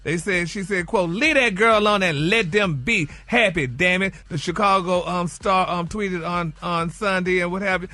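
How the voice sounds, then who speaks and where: Chatty male gossip presenter, bright voice. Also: high-pitched, moderate pace, hardly any pauses, no room sound. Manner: chatty, peppered with "y'all" and "honey". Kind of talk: gossip segment on morning radio.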